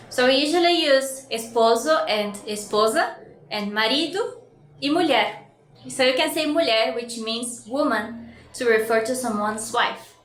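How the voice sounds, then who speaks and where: A Brazilian woman with a Brazilian Portuguese accent teaching Portuguese words, cheerfully repeating each word slowly and giving its English meaning. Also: fairly high pitch, animated, fairly bright tone. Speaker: language teacher. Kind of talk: bilingual vocabulary lesson. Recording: echoey room with faint noise.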